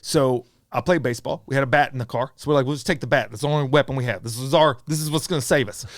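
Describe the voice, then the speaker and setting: Speaking very fast in a mid-range voice, this middle-aged podcast guest with a Southern US accent tells an animated story, voicing the friends and strangers in it. The podcast studio sound is clean, with no echo.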